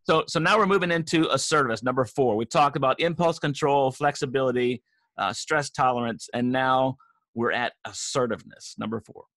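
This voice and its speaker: A man's voice: medium pitch, brisk, a bit bright, dry recording. A man hosting a casual live video chat, joking and enthusiastic, often laughing with his guest. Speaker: host.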